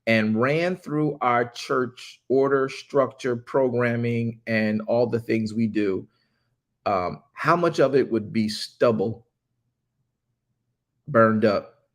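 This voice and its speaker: A male preacher delivers a sermon in an easy, colloquial way, teasing and bantering with the people in front of him. When he reads scripture he slows right down and leans hard on each phrase, often repeating it. His voice sits at an ordinary middle pitch. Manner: playful, teasing banter with the congregation; reads scripture slowly and emphatically, repeating lines. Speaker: preacher addressing a congregation.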